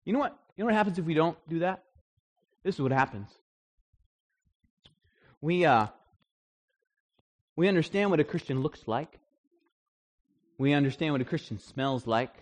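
A man preaching a sermon in an animated way, acting out the voices he quotes. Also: a little high, normal speed, long pauses. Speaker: pastor.

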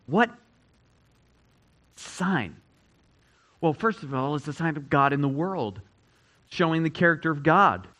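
A man delivers a sermon in a fairly high voice. He stresses his main points by repeating them, rising loud and then falling to a hush. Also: rough recording. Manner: emphatic, repeats key phrases, swings between loud and hushed. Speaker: pastor.

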